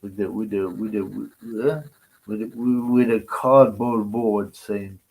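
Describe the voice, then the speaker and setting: A man's voice: on the low side, fairly even intonation, slow pace, gravelly, darkish tone, slightly rough, rough recording. A man hosting a live stream, ranting in a crude, mocking, rambling way. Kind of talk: casual live-stream rant.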